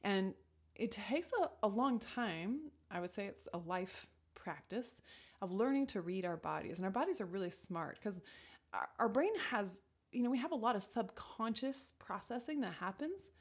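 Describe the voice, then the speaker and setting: A woman's voice: mid-range voice, expressive, moderate pace, breathy edge. A woman talking reflectively about intuition and decisions, thoughtful, with frequent "like" and restarts, sometimes dropping to a near whisper. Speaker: speaker sharing personal advice. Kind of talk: reflective casual talk.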